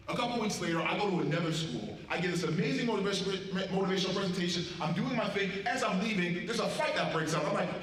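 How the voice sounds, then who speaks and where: A man tells stories at a school assembly and acts out each voice in them. His voice sits a little high for a man. The recording is heavily echoey, picked up from far across a big hall. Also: fast, hardly any pauses, slight background noise. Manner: animated storyteller, acting out quotes with big swings in loudness. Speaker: motivational speaker at a school assembly. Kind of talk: storytelling speech to students.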